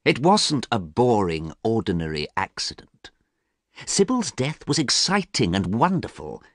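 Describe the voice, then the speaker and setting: A man's voice: fairly low pitch, very animated, a little slow, no echo, clean studio sound, voice pushed up, full character voice. A man voicing a vain, cold young man who sounds bored and scornful, in a storybook reading. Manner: bored, scornful, sometimes sharp.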